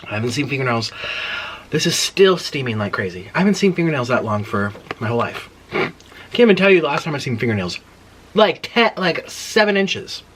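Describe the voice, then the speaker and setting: A man hosting an eating video, retelling an annoying drive-thru visit in an indignant, animated way between bites. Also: medium pitch, brisk, a little hiss or hum. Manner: animated, indignant retelling with mouth-full murmurs. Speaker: mukbang host. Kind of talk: storytelling while eating on camera.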